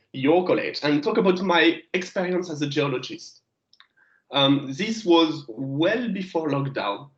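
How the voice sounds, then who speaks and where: A French man in his thirties, a guest geologist giving a remote lecture to students, speaking English with a French accent, halting and restarting as he searches for words. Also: on the high side. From France. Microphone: video call. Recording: echoey, lo-fi video call audio.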